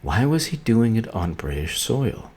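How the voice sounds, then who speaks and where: A man with a low voice talks through political commentary in a loose, rambling way. His pitch swings widely, he turns sarcastic, and he often stumbles and restarts mid-sentence. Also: big pitch swings, measured pace, darkish tone, husky. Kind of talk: casual political commentary vlog.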